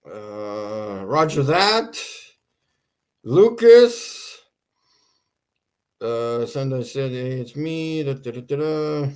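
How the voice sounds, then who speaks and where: A man's voice: medium pitch, animated, extremely slow, long pauses, darkish tone, clear, resonant tone. Rambling jokey livestream man. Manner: rambling, jokey, laughs at his own points. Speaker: livestream host. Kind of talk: casual livestream chat.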